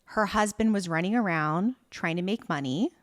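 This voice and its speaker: A young adult woman co-hosting a podcast, recapping a TV drama in casual, profane, animated chat. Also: fairly low pitch, moderate pace. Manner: animated storytelling, profane and laughing. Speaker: podcast co-host.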